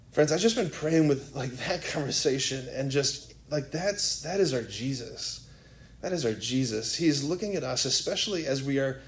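A man preaching a sermon as a priest, telling a story in a casual, rambling way full of "like" and "right?". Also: medium pitch. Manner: conversational storytelling, filler-heavy. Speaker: Catholic priest.

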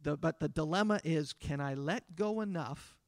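A man in his fifties preaching in a conversational way, with a fairly high voice. He drops into softer voices to act out small scenes. The sound is dry and close, with little room. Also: normal speed, no echo. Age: 50s. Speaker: pastor. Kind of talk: sermon. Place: church.

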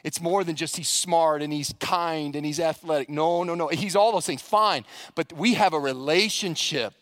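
A man's voice: fairly high pitch, moderate pace, a bit bright, no echo, studio quality. A male pastor preaching a sermon, telling stories with animation and putting questions to the congregation.

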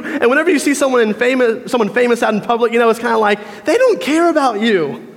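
A man's voice: extremely high pitch, fast. Man preaching in a reverberant church. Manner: storytelling, acts out crowd voices. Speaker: pastor. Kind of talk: sermon. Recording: long reverb of a church hall.

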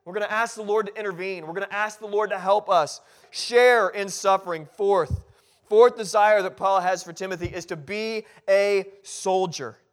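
A man's voice: high-pitched, normal speed. A male pastor preaching a sermon in a church, driving points home with short, repeated exhortations. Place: church sanctuary.

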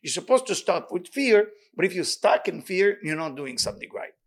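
Excitable male Torah teacher, rapid speech, slightly high voice, reads Hebrew fast and then translates. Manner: animated, excitable delivery. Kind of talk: weekly Torah study class.

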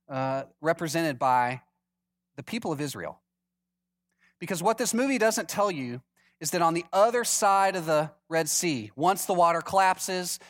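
A male pastor preaching a sermon with humor, acting out the people in the story in different voices. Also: high-pitched. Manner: lively, acts out quoted voices for humor.

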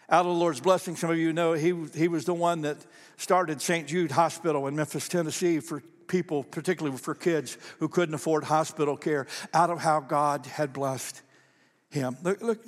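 A high-pitched man preaches to his church, his voice rolling around a large hall with long echoes. He tells stories with animation and repeats key phrases for emphasis. He sounds like a pastor speaking from the pulpit. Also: moderate pace. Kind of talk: sermon. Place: church sanctuary.

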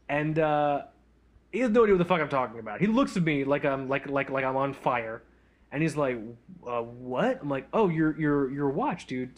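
A man's voice: medium pitch, lively intonation, moderate pace. A man co-hosting a casual podcast chat, telling a rambling, profane, self-deprecating story. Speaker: podcast co-host.

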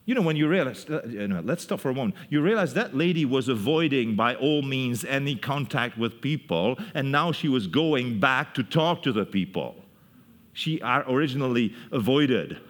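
A man preaching a sermon, telling the story in a lively way, often laughing and acting out the people in it. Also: mid-range voice, moderate pace. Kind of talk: sermon, animated Bible teaching. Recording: long hall reverb.

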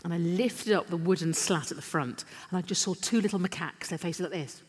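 A middle-aged Englishwoman tells anecdotes on a festival stage, bouncing from one restart to the next and poking fun at herself. Her voice sits a little low for a woman. The sound carries the long reverb of a big hall. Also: brisk, husky. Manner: animated, self-deprecating anecdotes with restarts. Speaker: interview guest. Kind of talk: live on-stage storytelling.

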